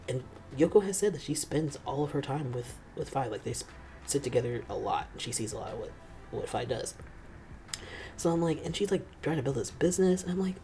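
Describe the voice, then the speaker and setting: A man hosting a reaction video, chatting in an animated way and laughing often between remarks. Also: mid-range voice. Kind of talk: casual reaction commentary.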